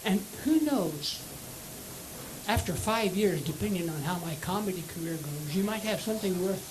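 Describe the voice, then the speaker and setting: An older man with a high, squeaky voice from voice surgery, doing a stand-up comedy set with dry, self-mocking jokes and wry pauses. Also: expressive, noisy background. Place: comedy club stage before a live audience. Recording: live club recording with audience laughter.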